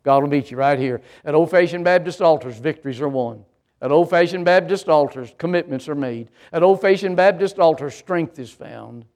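Older preacher, emphatic cadence. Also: male voice, on the high side, normal speed, darkish tone. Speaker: pastor. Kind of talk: sermon.

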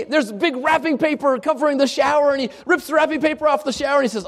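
Male preacher, very high voice, lively storyteller who restarts his phrases often. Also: quick pace, hardly any pauses. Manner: animated storytelling with repeated restarts. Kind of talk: sermon.

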